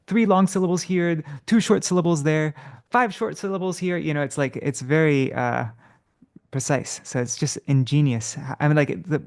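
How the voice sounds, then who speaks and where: A man teaching Sanskrit verse meter in a relaxed, casual way, correcting himself, chuckling, and chanting syllables slowly. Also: fairly high pitch. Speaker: devotional study teacher.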